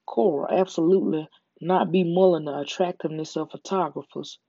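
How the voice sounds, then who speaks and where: An ASMR storyteller with a Southern US accent, calm and soothing, reading a story slowly to a close mic. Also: mid-range voice, gravelly, slightly rough, no echo. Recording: dull lo-fi recording.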